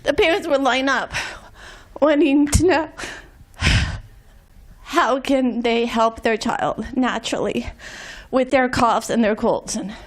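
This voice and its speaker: Woman, middle-aged, high pitch, measured memorial tribute, recalls teaching days. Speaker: former classroom teacher speaking at a memorial.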